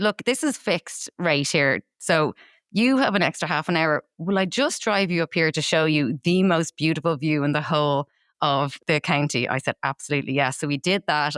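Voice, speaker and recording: A woman's voice: fairly low pitch, fairly bright tone, clear, resonant tone, no room sound, clean studio sound. A woman co-hosting a podcast, telling a fond travel story in a casual chat, with some laughter. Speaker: podcast co-host.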